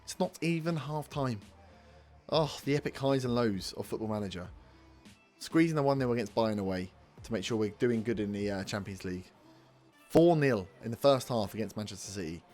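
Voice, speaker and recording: A man's voice: fairly low pitch, fairly quick, a little mellow, soft background music. A young man commentating his football management game, scolding his players and swearing in frustration. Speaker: let's play host. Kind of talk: gaming commentary.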